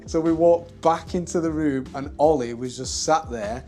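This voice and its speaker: A man, a tattoo studio owner, telling a story in a lively, conversational way with frequent laughs and tag questions. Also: on the high side, unhurried, soft background music. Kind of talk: casual storytelling to camera.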